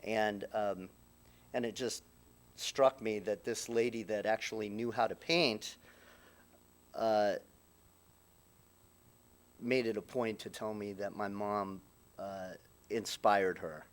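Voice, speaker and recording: In a funeral chapel, a middle-aged son with a lowish voice delivers a eulogy. His speech is halting, with frequent restarts and pauses, and his intonation stays fairly even while his voice catches with emotion.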